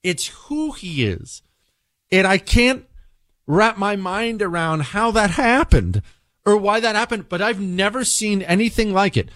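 Talk radio guy ranting, high voice jumping all over, super dry studio mic, keeps going off on tangents. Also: animated, unhurried, fairly bright tone, no room sound. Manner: incredulous, emphatic, rambling. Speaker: radio talk show host. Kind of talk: opinionated talk radio monologue.

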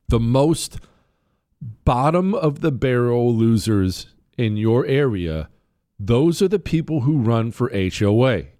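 A man's voice: mid-range voice, warm tone. A middle-aged man telling a defiant, rambling story as a podcast guest in casual storytelling.

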